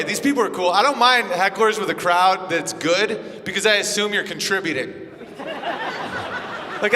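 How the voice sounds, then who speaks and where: A brash male comedian with a high-pitched voice, telling crude stories with lots of energy. He is recorded live on a club stage, with long reverb and a loud crowd laughing and reacting behind him. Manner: brash, crude, animated storytelling. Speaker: stand-up comedian. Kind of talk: stand-up set with crowd work.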